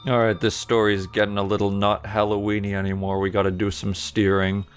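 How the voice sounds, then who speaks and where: A man's voice: fairly low pitch, monotone, brisk, smooth, soft background music. A man reading aloud and commenting sardonically on a text adventure game as he plays it. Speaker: gaming streamer.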